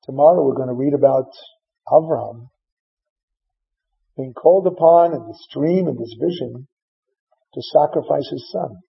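A rabbi giving a sermon, retelling scripture in a dramatic, emphatic storytelling manner. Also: male voice, mid-range voice, measured pace, vocal fry, long pauses. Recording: dull lo-fi recording.

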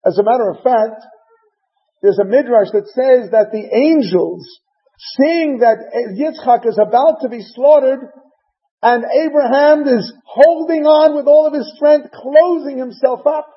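A man's voice: very high-pitched, a little slow. A man preaching a sermon, retelling scripture as a story and mixing in Hebrew terms. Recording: dull lo-fi recording.

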